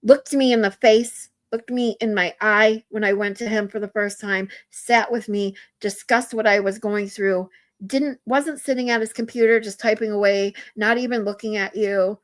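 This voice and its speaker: Earnest woman streamer, heartfelt and halting. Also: mid-range voice, fairly even intonation. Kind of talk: casual live-stream talk to chat.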